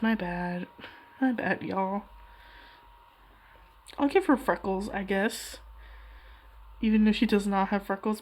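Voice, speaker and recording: A woman's voice: medium pitch, darkish tone, a little hiss or hum. A young woman chatting casually while she draws, rambling and self-deprecating. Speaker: hobby artist vlogger. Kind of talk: casual chat while drawing.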